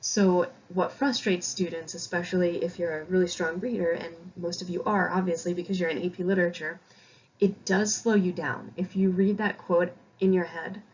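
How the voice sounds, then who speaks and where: A woman from Connecticut, a high school English teacher, explaining a novel in a chatty, self-deprecating recorded lecture. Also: fairly even intonation, moderate pace, dull audio, slight background noise.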